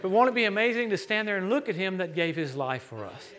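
A man with a notably high voice preaches with an American accent. He delivers his sermon in a lively, joking way that swings up into sudden loud bursts. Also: fast. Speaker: guest preacher.

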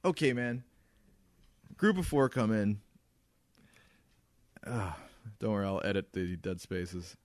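A man in his thirties co-hosting a podcast, telling an animated, profane story about annoying customers. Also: fairly low pitch, slow, pauses often, dry recording. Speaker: podcast co-host.

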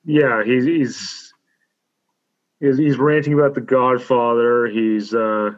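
A man in a casual film podcast, recapping the plot in a halting way with many pauses. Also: mid-range voice, fairly even intonation. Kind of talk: casual chat about a film. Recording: dull lo-fi audio.

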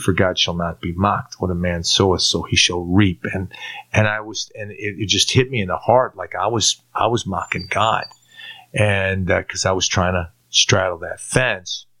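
Low-voiced man telling his faith story. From Turkey. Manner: animated storyteller who acts out his own past lines; frequent repeated-word restarts. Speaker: guest giving a testimony. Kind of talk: personal faith testimony in conversation.

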